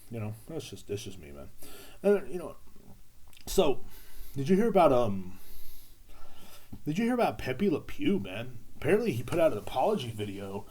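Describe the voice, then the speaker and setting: Rambling crude man, mellow voice. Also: mid-range voice, very animated, moderate pace, long pauses, husky. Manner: crude, rambling, heavy fillers and repeats. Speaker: podcast host. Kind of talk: rambling comedic monologue.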